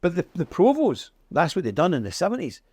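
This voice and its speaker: Middle-aged Northern Irish male guest, lively pitch, dry room sound; emphatic storyteller. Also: fairly quick, dry recording. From Northern Ireland. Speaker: interview guest. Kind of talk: conversational interview.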